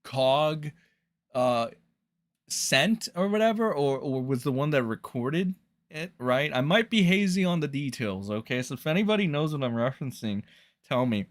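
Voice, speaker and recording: A man's voice: mid-range voice, lively intonation, normal speed. A man live-streaming, reacting to posts in rambling, profane, exasperated commentary to his chat.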